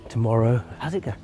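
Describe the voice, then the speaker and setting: Out on a street walk with his dog, a man thinks aloud in a rambling, musing monologue full of restarts and chuckles. His voice is mid-range and mellow.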